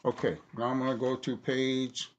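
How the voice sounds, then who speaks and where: A man reading aloud from a book he wrote, deliberate and halting, stopping to correct himself. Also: medium pitch, little pitch movement, highs cut off, slight background noise. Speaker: author reading his own book.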